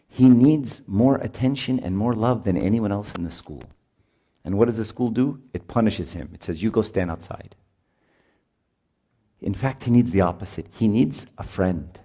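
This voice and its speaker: A middle-aged man preaching at a retreat in an animated way, acting out voices of parents and children as he teaches. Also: on the low side. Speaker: priest. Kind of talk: retreat sermon.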